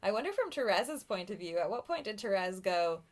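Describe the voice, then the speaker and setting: A woman's voice: medium pitch, very animated, brisk. Giggly, chatty woman co-host. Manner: chatty, giggly, trails off into asides. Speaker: podcast co-host. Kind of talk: casual film chat.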